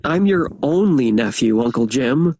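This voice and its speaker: A man's voice: mid-range voice, lively intonation, measured pace, darkish tone, a little hiss or hum, lightly acted. A young man playing an upbeat, earnest nephew who just graduated, in a textbook audio dialogue. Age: young adult.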